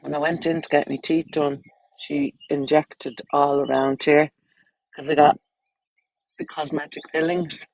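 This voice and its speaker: A woman's voice: deep voice, little pitch movement, unhurried, darkish tone, no room sound, low-quality recording. An Irish woman with children, chatting bluntly and crudely on a casual livestream, rambling from topic to topic. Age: adult, with children.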